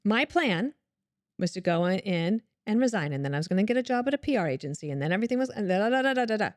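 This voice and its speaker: A woman in her fifties from Colorado tells personal stories in an interview. She brings them to life by acting out the other people's lines, with a middling pitch. The room is dry and close, with no echo. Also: quick pace. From Colorado, USA. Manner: animated storyteller who acts out quoted voices. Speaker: guest. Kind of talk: candid storytelling interview.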